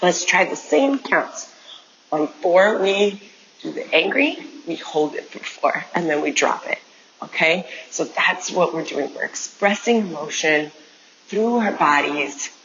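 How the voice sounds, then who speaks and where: A woman's voice: lowish voice, lively intonation, measured pace, a bit bright, dull audio, a little hiss or hum. A woman teaching an online dance class, coaching movement step by step and counting out the beats. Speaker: dance instructor.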